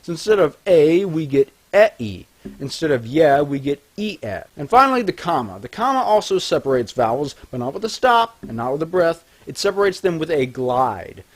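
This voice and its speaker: A man narrating a language tutorial, scripted and deliberate, slowing down to enunciate example sounds clearly. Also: a little high, big pitch swings. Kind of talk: scripted instructional voice-over.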